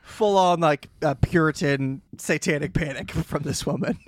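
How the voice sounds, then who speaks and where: A man's voice: fairly high pitch, moderate pace, no echo, studio quality. A man co-hosting a podcast, giving his opinions in casual, chatty talk about a TV episode. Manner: chatty and opinionated, argues points, laughs along. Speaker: podcast co-host. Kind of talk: casual chat recapping a TV episode.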